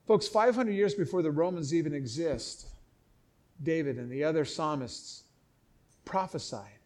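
Middle-aged guy preaching hard, pretty high voice, keeps restarting his sentences. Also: a little slow, darkish tone. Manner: emphatic, impassioned preaching with repeated restarts. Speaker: pastor. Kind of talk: sermon, reading and explaining scripture.

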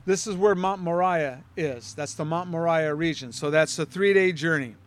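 A man's voice: fairly high pitch, normal speed. A man teaching a Bible study in a conversational way, putting questions to his listeners.

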